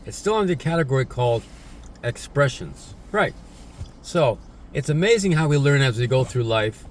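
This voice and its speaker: With an expressive, medium-pitched voice at normal speed, a man teaches a casual spoken English lesson over slight background noise. He says things more than once and tags questions such as "right?" and "isn't it?" onto them.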